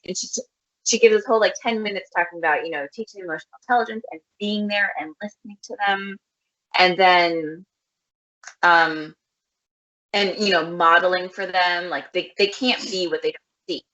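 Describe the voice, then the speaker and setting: Bright, lowish woman co-host who rambles in casual chat. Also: moderate pace, highs cut off. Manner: rambling, many "like" fillers. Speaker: podcast co-host.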